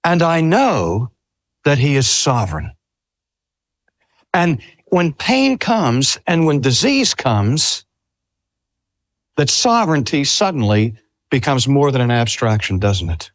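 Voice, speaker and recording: A man's voice: medium pitch, sing-song, slow, long pauses, dry recording. An older man preaching a sermon. He speaks earnestly, drags out key phrases for emphasis and asks the listeners rhetorical questions. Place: talk at a cancer hospital.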